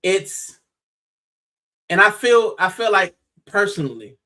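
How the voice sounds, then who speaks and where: Animated American man, bright voice. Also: high voice, slow. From United States. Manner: animated, exclaiming, says bro often. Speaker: podcast co-host. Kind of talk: casual football chat.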